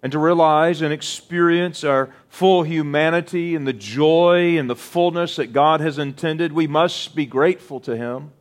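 A middle-aged man preaching a sermon, slow and deliberate, drawing out words for emphasis. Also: on the high side. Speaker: pastor.

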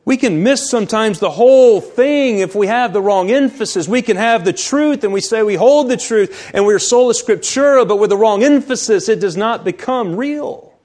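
A man preaching a sermon in an emphatic, repetitive way, slowing on key phrases and dropping to a near-whisper for stress. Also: sits high, expressive, darkish tone.

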